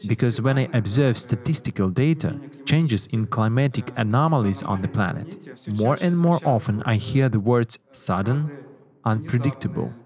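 A man moderating a panel discussion, speaking in a measured, explanatory way. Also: mid-range voice, lively intonation, darkish tone.

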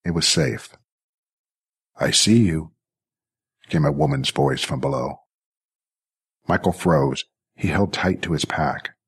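A man reading a science-fiction story aloud as narrator, with steady, even storytelling. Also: rumbling low, slightly rough. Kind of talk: scripted audiobook narration.

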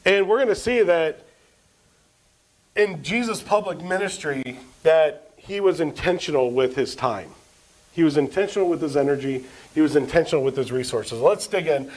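High-voiced pastor preaching to a congregation. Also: male voice, moderate pace, poor audio. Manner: asks the congregation questions and answers them; reads scripture aloud with rising emphasis. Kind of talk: sermon. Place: church service.

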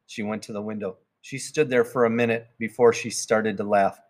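A man narrating a children's storybook in a plain, even read-aloud manner. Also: on the low side, normal speed. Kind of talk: storybook reading.

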